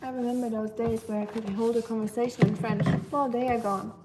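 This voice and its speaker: A woman's voice: on the high side, fairly even intonation, fairly quick, heavy background noise. A woman from Germany with a German accent, chatting casually with viewers on a livestream while doing chores. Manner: chatty, reading chat aloud, self-deprecating.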